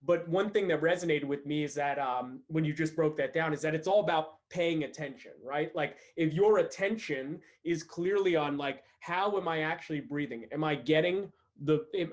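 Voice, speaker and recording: A man hosting a casual business podcast, an eager interviewer who prompts his guest with slangy requests. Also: a little high.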